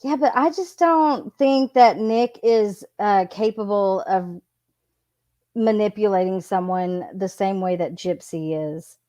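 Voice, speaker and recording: Woman, commentator, reading messages aloud, slow pace, mid pitch, plain unhurried delivery. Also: dark tone. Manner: unhurried, reads quotes in a plain voice. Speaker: true crime commentator.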